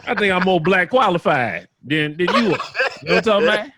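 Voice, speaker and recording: A man's voice: sits high, expressive, fairly quick, noisy background. A man in casual podcast chat, laid-back and joking, with plenty of slang. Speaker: podcast co-host.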